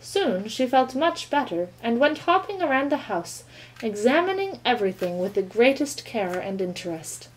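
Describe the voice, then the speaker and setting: A woman reading a children's novel aloud with calm, expressive storytelling. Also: a little high, normal speed, poor audio. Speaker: reader.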